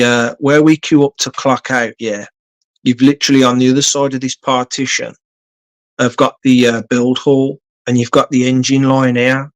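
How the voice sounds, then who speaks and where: Casual male streamer: blunt, sweary, rambling, mid-range voice, lots of ums and uhs. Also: mid-range voice. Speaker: live streamer. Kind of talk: casual live-stream storytelling.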